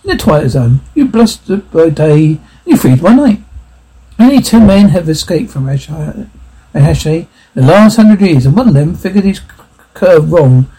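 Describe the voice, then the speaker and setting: A man's voice: a little high, very animated, normal speed, warm tone, slightly rough, low-quality recording. A man voicing a blustering, gloomy male spaceship crewman in a read-aloud science fiction story, bellowing and scornful. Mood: gloomy boasting. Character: blustering gruff male spacer, boastful and pessimistic.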